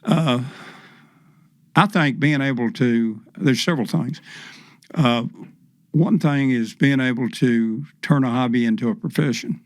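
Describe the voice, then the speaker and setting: A man's voice: medium pitch, measured pace, no room sound. An older man, a professional fisherman, telling stories as a podcast guest in a folksy, rambling way full of fillers. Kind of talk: storytelling in casual chat.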